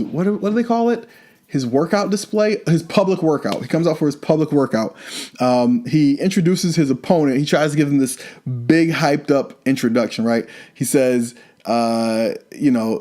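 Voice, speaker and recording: A man's voice: mid-range voice, darkish tone. A man hosting a wrestling podcast, casually recapping a show in a loose, chatty way with lots of fillers and asides.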